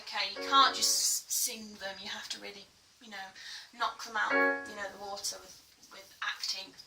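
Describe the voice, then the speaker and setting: A woman's voice: medium pitch, fairly even intonation, moderate pace, recorded from a distance. A woman singing teacher giving a chatty vocal tutorial, full of fillers and breaking into belted sung demonstrations. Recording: echoey room, a little off-mic, faint music.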